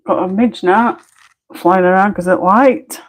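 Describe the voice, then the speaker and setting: A woman's voice: medium pitch, measured pace, low-quality recording. Chatty Barnsley woman, blunt and laughing. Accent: Barnsley Yorkshire. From Barnsley, England. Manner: chatty, blunt, laughs often, mild swearing. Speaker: colouring livestreamer. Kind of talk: casual live-stream chat. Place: at home.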